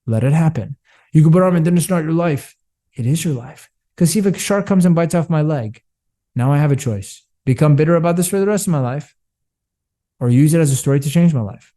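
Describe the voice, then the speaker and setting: Telling stories full of quotes from himself and others, a business coach speaks passionately and preachily in a candid interview. His fairly high voice is expressive and dark-toned, and he talks fairly quickly.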